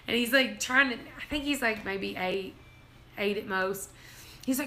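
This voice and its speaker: A woman's voice: fairly high pitch, moderate pace, pushed and bright. A woman, hosting a casual livestream and telling family stories, laughing often as she talks. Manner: giggly, laughs through her own stories. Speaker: livestream host.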